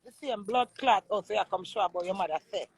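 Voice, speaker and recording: Angry Jamaican woman, gravelly voice. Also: mid-range voice, quick pace, no room sound, rough recording. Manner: angry, accusing, swearing. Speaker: vlogger. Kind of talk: heated rant.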